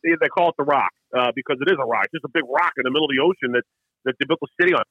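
Fast-talking man telling hockey road stories. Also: medium pitch, breathy edge, dry recording, muffled recording. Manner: rapid storytelling with frequent restarts. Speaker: hockey show co-host. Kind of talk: casual sports chat.

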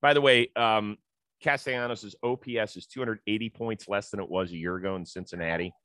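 A man's voice: fairly low pitch, steady tone, brisk, fairly bright tone, no room sound. A middle-aged man hosting a sports talk show, chatting casually and citing stats. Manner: conversational, stat-citing, storytelling.

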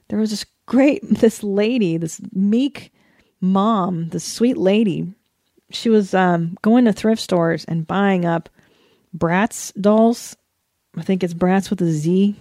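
A woman in her thirties from the United States, hosting a solo podcast in a casual, animated rant full of swearing and laughter. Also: on the low side, normal speed, gravelly, no echo, clean studio sound. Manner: animated, profane, laughing often. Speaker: podcast host.

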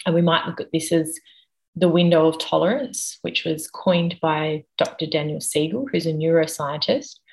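A woman with a low-pitched voice talks as an interview guest. She explains her points patiently and in measured steps, building each idea in turn. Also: fairly even intonation, rough recording. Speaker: guest expert on the nervous system.

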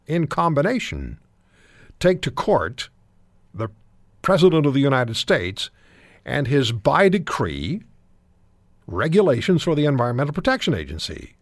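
A man's voice: medium pitch, very animated, a little slow, long pauses, no room sound, clean studio sound. A man hosting a talk radio show, interviewing guests and giving emphatic commentary with frequent restarts.

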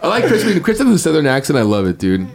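Expressive easygoing man. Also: fairly high pitch, fast, vocal fry. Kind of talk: casual chat.

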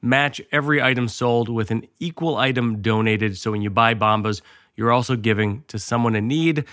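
A man's voice: mid-range voice, pushed and bright, clean tone, dry recording, studio quality. A man hosting a comedy podcast, talking loosely and jokingly, also reading ads in a casual way. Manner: loose, joking, riffs on his own radio voice. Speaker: podcast host.

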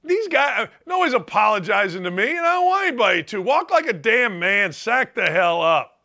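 A man hosting a sports talk show, ranting loudly and emphatically about football. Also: high-pitched, very animated, fairly quick, gravelly. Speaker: sports talk radio host. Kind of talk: opinionated sports talk monologue.

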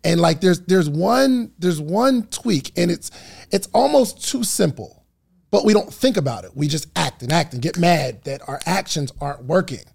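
A man co-hosting a podcast, chatting casually as an animated storyteller who laughs often and rambles loosely. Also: a little high, normal speed, gravelly, breathy edge. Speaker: podcast co-host.

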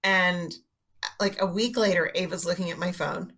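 A middle-aged woman with a bright, forceful voice tells self-mocking stories in a relaxed podcast chat. She talks like a comedian spinning an anecdote, easy and conversational. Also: fairly low pitch, normal speed.

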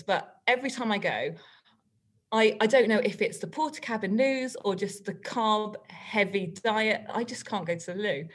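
A woman, a guest on a podcast, telling a story in a chatty, animated way and laughing often. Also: fairly high pitch. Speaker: guest author and teacher.

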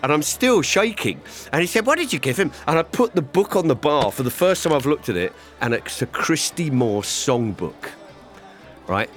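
A man telling a long comic anecdote to a panel, rambling and animated, acting out other people's voices. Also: fairly high pitch, moderate pace, faint music behind. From England. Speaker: comedian storyteller.

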